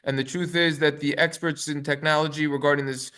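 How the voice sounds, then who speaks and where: This rabbi's voice is a little high, bright, forceful and smooth, with a flat delivery. Teaching a class on halacha at a quick pace, he reads sources aloud in Hebrew and translates them with many fillers.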